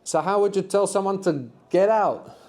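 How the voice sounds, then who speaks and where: Mellow-voiced man teaching a language class. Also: sits high, moderate pace. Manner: patient, explanatory, prompting students to answer. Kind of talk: live classroom workshop teaching.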